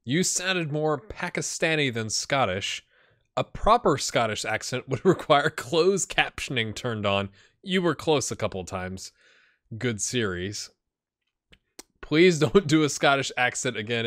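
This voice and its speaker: Male gaming host, crisp forward tone, dry close sound, loose chatty commentary that restarts mid-thought. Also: medium pitch, lively intonation, a little slow, a bit bright, no room sound. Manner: chatty, repeats words as he thinks aloud. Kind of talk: casual video game commentary.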